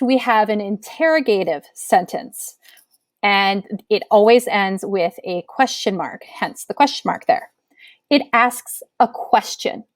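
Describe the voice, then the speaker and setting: A woman teacher giving a recorded grammar lesson, explaining clearly and patiently with example sentences. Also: medium pitch, dry recording.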